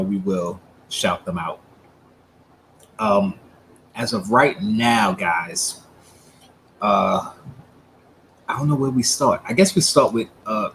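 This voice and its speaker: A man co-hosting a livestream in relaxed, casual chat, laughing often, heard over a streaming video call. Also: on the low side, creaky, slight background noise, rough recording. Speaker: livestream co-host.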